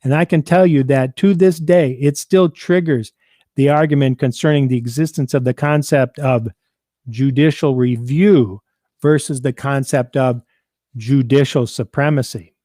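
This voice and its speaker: A man hosting a civics program, reading out and explaining a state constitution in a measured, deliberate way. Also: medium pitch, steady tone, dark tone, no echo, clean studio sound. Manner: measured, deliberate, quotes documents aloud.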